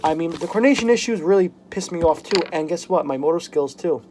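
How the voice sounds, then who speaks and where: A young man talking frankly in a personal vlog at home, halting and full of "like" fillers. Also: fairly high pitch, lively intonation, darkish tone, slight background noise. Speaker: vlogger. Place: home, at a workbench.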